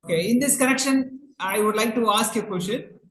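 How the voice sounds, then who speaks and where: A man's voice: sits high, fairly quick, fairly bright tone. Polite hesitant male interviewer, echoey. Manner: hesitant, many "uh" fillers, polite. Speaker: host, interviewer. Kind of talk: interview questions. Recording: echoey room.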